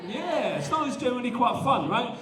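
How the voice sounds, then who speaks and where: A man's voice: extremely high pitch, normal speed, crowd noise. A man who performs spoken word poetry at a student event and jokes between poems. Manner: animated, self-deprecating between poems. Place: large indoor event hall. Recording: echoey hall, voice from a distance.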